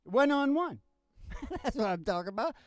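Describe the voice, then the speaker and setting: A man's voice: high-pitched, animated, fairly quick, dry recording, clean studio sound. A man who sings acoustic folk songs and then chats, rambling and joking. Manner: rambling, joking, laughs often. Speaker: singer and guitarist. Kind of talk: acoustic folk singing, then casual chat. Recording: loud guitar accompaniment.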